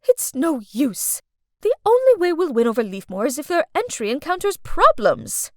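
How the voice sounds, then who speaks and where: A woman voicing a stern female school principal who scolds in a measured, disappointed way. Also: high-pitched, huge pitch swings, a little mellow, no echo, studio quality. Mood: worried.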